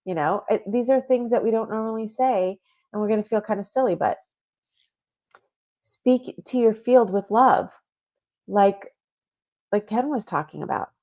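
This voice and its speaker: A woman's voice: mid-range voice, a little fast, warm tone. A woman hosting a spiritual talk show, chatting casually and reading listener comments aloud with lots of fillers. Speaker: podcast host.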